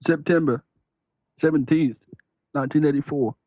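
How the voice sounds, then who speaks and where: A man's voice: a little high, heavy background noise, lightly acted. A man doing a childlike long-lost son on a call. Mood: plaintive. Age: 30s. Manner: slow, childlike, plaintive. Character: simple-minded young man claiming to be a long-lost son. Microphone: video call. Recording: muffled lo-fi call audio.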